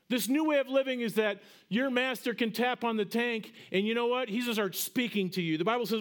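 A middle-aged man preaching a sermon as pastor, conversational and animated, building to emphatic peaks. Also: high-pitched, fairly quick.

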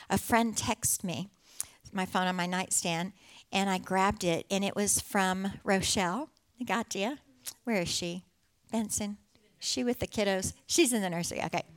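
A middle-aged woman speaks to a church congregation, telling her own story in an earnest, heartfelt way. Her voice sits at an ordinary pitch for a woman, and light laughter slips into her telling. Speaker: church speaker sharing testimony. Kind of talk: personal testimony to a congregation.

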